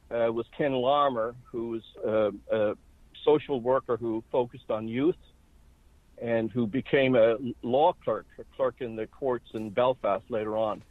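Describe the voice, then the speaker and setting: A man in his sixties from Ireland, speaking with a Boston accent, is a guest in a phone interview, telling a personal story in a steady, conversational way with fillers. His medium-pitched voice comes through a dry, tinny phone line.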